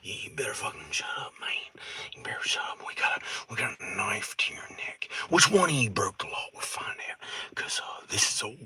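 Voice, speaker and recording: A man's voice: fairly low pitch, sing-song, brisk. Ricky, a whispered role-play thug, as a man puts him on. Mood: menacing. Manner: hushed, threatening, rough-talking. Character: menacing male thug in the woods with a knife. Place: outdoors in the woods.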